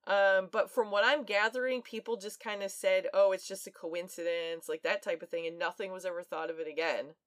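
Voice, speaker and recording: A woman's voice: medium pitch, steady tone, a little fast, few pauses, fairly bright tone, no room sound. A woman co-hosting a podcast, casually retelling a true-crime story with plenty of fillers and laughs. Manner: chatty, laughs often, many fillers. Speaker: podcast co-host.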